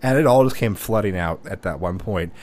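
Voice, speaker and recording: Young guy ranting through a family story, lots of swearing, loud acted-out quotes. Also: deep voice, fairly quick. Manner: animated, swears freely, acts out quotes loudly. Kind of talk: casual storytelling chat.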